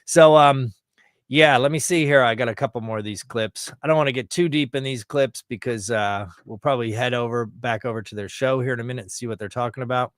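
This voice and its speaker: Guy rambling on his stream, swears a lot, middle pitch, dry close mic. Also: a little fast, no echo. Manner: rambling, loose and profane. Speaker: livestream host. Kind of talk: casual chat.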